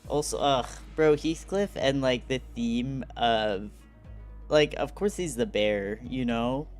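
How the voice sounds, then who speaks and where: A man talks casually while playing a story game on stream, reacting to chat and reading text aloud. His voice sits at a middling pitch, with soft music playing faintly behind. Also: takes it slowly. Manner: chatty, reads chat and game text aloud, laughs often. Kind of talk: casual live-stream commentary.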